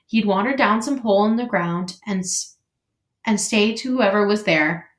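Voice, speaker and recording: A teacher reading a children's book aloud in an expressive, measured way. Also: female voice, mid-range voice. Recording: echoey room.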